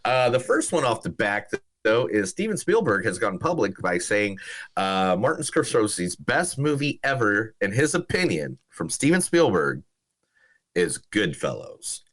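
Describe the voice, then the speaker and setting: Animated man on a movie podcast. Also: on the low side, measured pace. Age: adult, married. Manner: joking, animated, laughs often. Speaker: podcast co-host. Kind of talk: casual movie podcast chat.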